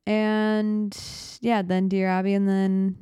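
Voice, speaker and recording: A woman's voice: medium pitch, level tone, dark tone, smooth, dry recording. A young woman hosting her own podcast from a small studio apartment, chatting casually, rambling and joking at her own expense, often running short of breath as she talks. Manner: rambling, self-deprecating, talks fast and runs out of breath. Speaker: podcast host. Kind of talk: casual solo podcast chat. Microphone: studio microphone.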